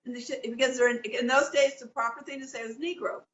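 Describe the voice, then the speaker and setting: A woman in her seventies from Southern California, a guest telling stories in a lively casual chat and jumping her pitch for emphasis. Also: fast talker. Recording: echoey, distant, muffled call audio with faint hiss.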